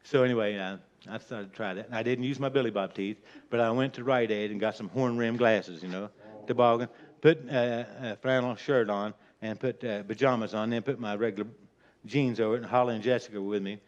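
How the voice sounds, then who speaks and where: A man's voice: fairly low pitch, fairly even intonation, fairly quick. An older man telling a folksy, rambling prank story in casual talk, chuckling as he goes, on a dull lo-fi recording. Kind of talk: casual spoken anecdote.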